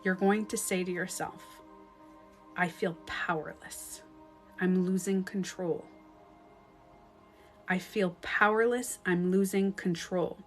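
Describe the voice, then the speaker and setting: Woman relationship coach on a casual livestream: blunt, emphatic, swears freely, voices inner thoughts aloud, faint music underneath. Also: mid-range voice. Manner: acts out inner thoughts in quoted asides. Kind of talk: casual livestream advice talk.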